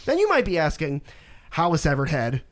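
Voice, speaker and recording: A man's voice: fairly high pitch, huge pitch swings, fairly quick. A young man co-hosting a casual podcast, animatedly retelling a video game story and acting out the characters' lines. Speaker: podcast co-host.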